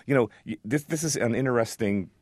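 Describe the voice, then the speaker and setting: A man's voice: mid-range voice, a little fast, a little mellow, dry recording, studio quality. A man who hosts a food radio show, chatting casually and enthusiastically as a guest, with frequent restarts.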